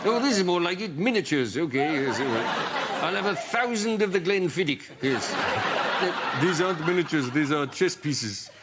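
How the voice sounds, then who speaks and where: A man's voice: a little high, very animated, moderate pace, over a noisy crowd, very noisy. A man voicing a grumpy, blunt old royal consort who blusters and barks at shopkeepers. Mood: blustering. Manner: blustering, impatient, shouting at sellers.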